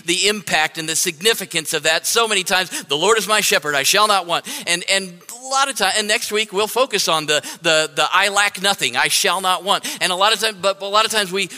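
High bright-voiced male preacher. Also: in a large hall. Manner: repetitive, halting restarts and emphatic lists. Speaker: pastor. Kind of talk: sermon.

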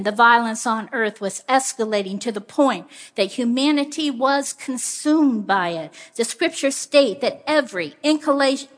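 A woman preaching a sermon, speaking in an earnest, measured storytelling way. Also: a little high.

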